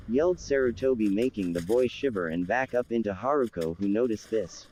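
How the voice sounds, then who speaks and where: A man with a fairly low voice reads a story aloud, keeping a level, even delivery and barely shifting between characters. A faint hiss of noise sits behind him. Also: brisk, rough recording. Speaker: fan fiction reader. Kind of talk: reading a story aloud while gaming.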